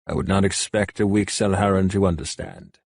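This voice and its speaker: A cold, mocking warrior captor with a low, husky voice who drags each word out slowly, as a male narrator plays him. His tone is dry and close, with a quiet menace under the calm. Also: dry recording. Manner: slow, deliberate, mocking.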